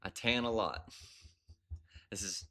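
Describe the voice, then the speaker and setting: A man's voice: lowish voice, takes it slowly, bright, forceful tone. Laid-back slangy man hosting a stream. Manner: laid-back slangy banter, greets viewers, laughs often. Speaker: livestream host. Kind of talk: casual livestream chat.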